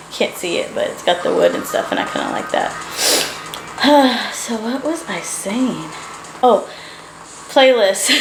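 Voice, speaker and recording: A woman's voice: medium pitch, gravelly, echoey room, background noise. A sleepy young woman chatting in a rambling, laughing way as a doll-collecting vlogger, late at night in her living room. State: sleepy, yawning. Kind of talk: casual late-night chat to camera. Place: living room at home, indoors.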